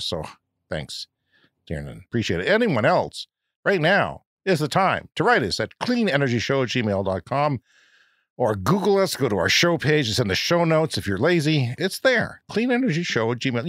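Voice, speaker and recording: A man's voice: mid-range voice, huge pitch swings, moderate pace, a bit bright, no echo, clean studio sound. A Canadian man co-hosting a podcast, reading news and letters in a wry, joking manner. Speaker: podcast co-host. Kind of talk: casual podcast chat.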